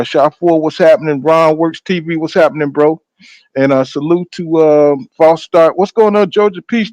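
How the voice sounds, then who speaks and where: A man hosting a casual live boxing stream, energetically reeling off shout-outs to his viewers. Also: fairly high pitch, no echo. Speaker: boxing channel host.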